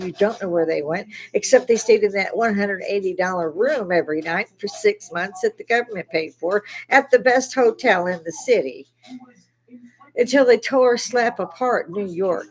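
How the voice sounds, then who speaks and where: A woman's voice: medium pitch, rough recording. An older woman hosting a casual monologue, ranting angrily in a blunt, profane way. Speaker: host.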